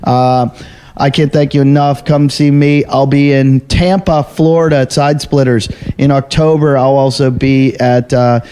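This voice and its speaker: A man's voice: medium pitch, steady tone, measured pace, warm tone, smooth. Male comedian host, blunt and profane, casual banter delivery. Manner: blunt, profane, wrapping up the show. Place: jiu-jitsu gym.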